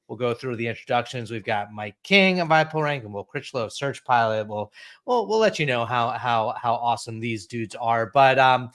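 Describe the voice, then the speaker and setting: A man's voice: mid-range voice, moderate pace. Man, upbeat webinar host, playful, video call, restarts often. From Central New Jersey, USA. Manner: energetic, playful, frequent restarts. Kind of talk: upbeat live webinar hosting.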